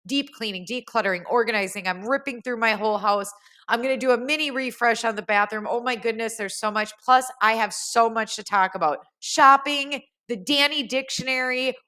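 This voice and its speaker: A woman's voice: a little high, a little fast, sharp tone. A woman with a Minnesota accent, hosting a cleaning vlog and rambling eagerly to camera, often correcting herself. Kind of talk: chatty video intro to camera.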